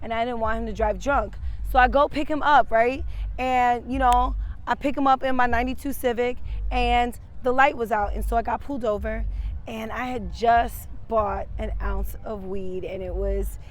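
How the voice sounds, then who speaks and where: A woman's voice: fairly high pitch, steady tone, moderate pace. A woman telling a personal story in casual, profane, slang-heavy speech. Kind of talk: casual street-interview storytelling.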